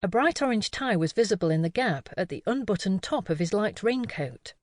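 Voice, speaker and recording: A woman narrating an audiobook mystery in a calm, expressive way. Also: mid-range voice, moderate pace, hardly any pauses, no room sound, studio quality. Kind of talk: scripted narration.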